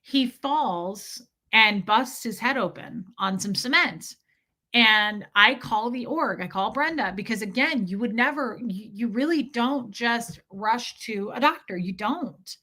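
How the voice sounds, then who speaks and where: A woman hosting a livestream, telling a personal story in a candid, animated way and breaking off now and then to greet viewers in the chat. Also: a little high, a little slow. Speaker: livestream host.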